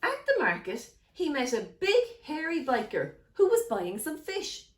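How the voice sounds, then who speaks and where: A woman's voice: high-pitched, measured pace, reverberant. A woman reading a picture book aloud to children, often speaking to them directly. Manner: animated, addresses children directly.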